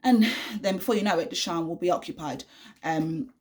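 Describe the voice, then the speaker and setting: A woman's voice: lowish voice, a little fast, darkish tone. A young woman talking frankly to camera from her bedroom, in a chatty, unedited vlog full of fillers and restarts. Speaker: vlogger, mother.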